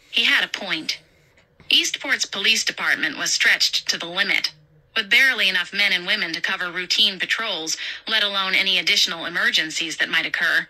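Bright-toned woman narrating horror. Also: medium pitch, rough recording. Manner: steady, measured storytelling. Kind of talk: scripted horror story narration.

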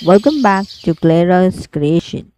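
A woman teaching a poetry recitation lesson, reading lines slowly and carefully with rhythm. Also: lowish voice, lively intonation, dark tone, a little hiss or hum, poor audio.

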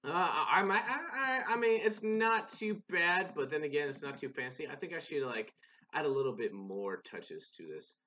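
A man's voice: on the high side, animated, moderate pace, pushed and bright. A young man giving casual, rambling, profane commentary while playing a game, often restarting his sentences. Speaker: gaming channel host.

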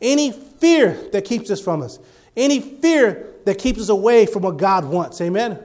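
A male preacher giving a sermon, telling healing stories and rising to loud, fervent exclamations. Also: sits high, animated, moderate pace.

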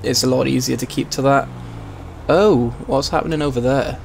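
A man with a hoarse, strained voice, chatting casually while streaming a game role-play. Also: mid-range voice, steady tone, moderate pace, slight background noise. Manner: chatty, laughs at himself.

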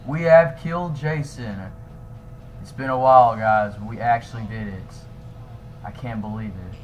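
A young man voicing his own character in a fan-made game drama, excitable and swinging between shouting and nervous mumbling. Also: mid-range voice, measured pace, slight background noise, poor audio. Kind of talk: improvised fan machinima dialogue.

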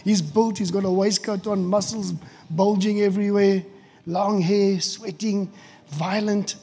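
Gravelly high-voiced preacher. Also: male voice, unhurried. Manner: animated, acts out quotes, often restarts words. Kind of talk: storytelling sermon. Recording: hall reverb with faint music.

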